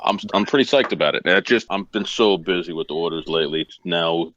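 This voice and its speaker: A man's voice: low voice, a little fast, fairly bright tone, a little hiss or hum. A man guest on a podcast with dry, self-deprecating humor. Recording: dull lo-fi sound.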